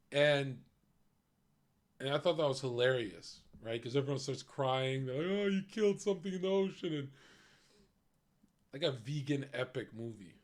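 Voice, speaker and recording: A young man streaming, talking in a blunt, profane, ranting way about a film. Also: mid-range voice. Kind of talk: casual chat.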